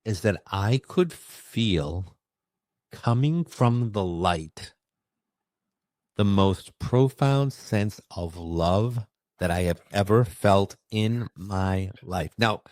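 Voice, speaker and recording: A man who works as a medium, telling a personal story in an expressive, emphatic way during a conversation. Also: on the low side, no room sound, studio quality. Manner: expressive, emphatic, with bursts of fast speech. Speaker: medium recounting his experiences.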